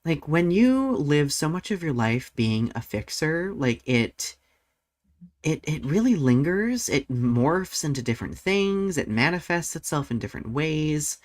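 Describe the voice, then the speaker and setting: A man's voice: a little high, very animated, unhurried. A man hosting a casual talk show, speaking animatedly, laughing easily and peppering his speech with "like.". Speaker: podcast host. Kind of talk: casual chat.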